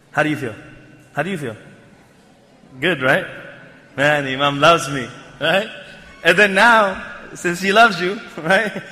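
A man delivers a sermon in a high, bright voice, and his reading of quoted Arabic phrases swells into emphatic near-shouts before he explains them in English. His voice carries a long reverb, as if in a large hall. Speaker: preacher.

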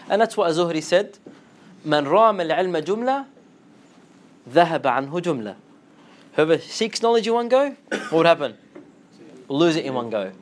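A man giving an animated Islamic lecture, slipping into Arabic phrases and acting out quotes in a lower voice. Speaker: Islamic teacher. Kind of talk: lively lecture to students.

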